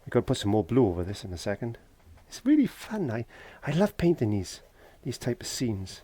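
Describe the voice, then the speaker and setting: With big pitch swings, a brisk pace and a dark tone, this mid-range Welsh voice belongs to a painting tutor. He's in a garden shed giving a laid-back tutorial, chatty and jokey, talking to himself as he works.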